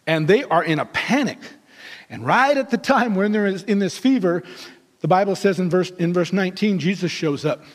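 Male pastor, animated storyteller, pitched high, long hall reverb. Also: normal speed. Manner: animated, acts out characters' voices. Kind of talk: storytelling sermon.

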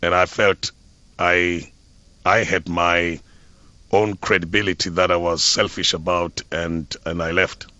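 A middle-aged South African man from the Eastern Cape, a former football club PR officer, telling stories in a radio interview with an animated, expressive delivery. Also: deep voice, measured pace, no room sound, dull audio.

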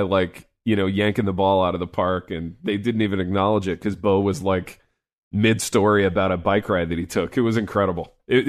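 A man co-hosting a sports podcast in casual chat, loose and rambling with lots of filler words. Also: fairly low pitch.

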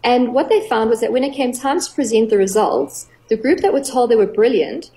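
A middle-aged woman, a clinical psychologist, explaining earnestly on a radio talk show, with gentle playful examples. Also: fairly high pitch, fairly quick, poor audio.

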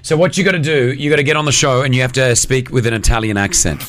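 A man hosting a morning radio show in a studio, upbeat and quick to laugh. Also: mid-range voice, fairly bright tone. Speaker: radio host.

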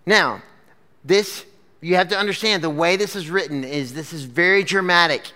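A man's voice: a little high, a little fast, pushed and bright. A man preaching a casual sermon to a live crowd, telling the story in a chatty way full of "like" and "okay?". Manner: chatty, lots of fillers like "like" and "okay?". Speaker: pastor. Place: church gathering with a screen.

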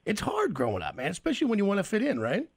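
A man hosting a casual chat, telling childhood stories in an animated, cussing way. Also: sits high, rapid-fire, husky, dry recording. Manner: animated, swearing storyteller.

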